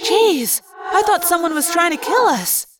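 A woman reading the part of an excitable teenage girl, voiced high and loud. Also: unhurried, noisy background, full character voice. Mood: startled. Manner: startled, exclaiming. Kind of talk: audiobook character reading.

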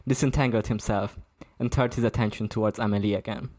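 A man's voice: lowish voice, steady tone, fast, dark tone. A man narrating a shared first-person story aloud in a plain way, sometimes laughing at his own lines.

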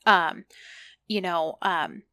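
A woman's voice: lowish voice, drawn-out words, no room sound, clean studio sound. A woman co-hosting a podcast, chatting casually and acting out lines from the episodes. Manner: chatty, animated, acts out quotes. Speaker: podcast co-host. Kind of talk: casual recap chat.

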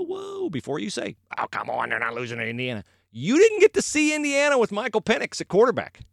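Male podcast host, casual folksy talk, very lively pitch, dry close sound. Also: dry recording. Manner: animated, folksy, emphatic repetition.

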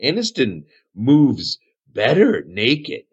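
Guy putting on a goofy childlike elf, lively bouncy voice, talks about himself by name, dull lo-fi sound. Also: medium pitch, takes it slowly, husky, pitched above the performer's own voice, full character voice. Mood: simple, eager. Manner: speaks of himself in third person, simple. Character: naive cheerful male elf, head-wounded, childlike.

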